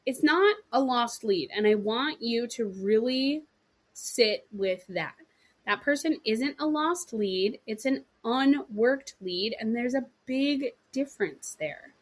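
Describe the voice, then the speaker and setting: A woman's voice: on the high side, slow pace. A woman in her thirties hosting a solo podcast, talking listeners through business advice and acting out small quoted dialogues. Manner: animated, acts out little quoted dialogues; frequent throat clearing, "right?" and "okay" asides. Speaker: podcast host. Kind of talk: solo podcast coaching talk.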